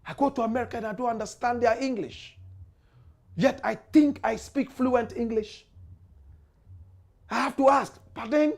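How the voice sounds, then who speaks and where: A man's voice: very high-pitched, moderate pace, creaky, pauses often. A man from Ghana with a Ghanaian accent, hosting an opinionated commentary show and preaching directly to his listeners.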